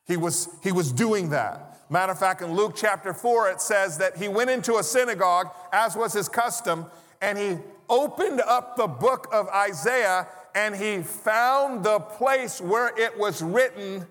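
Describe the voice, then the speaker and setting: High-voiced pastor preaching in a reverberant church. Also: male voice, unhurried, a bit bright. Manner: conversational preaching with humorous asides and rhetorical questions. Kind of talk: sermon. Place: church sanctuary. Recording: long reverb of a large church hall.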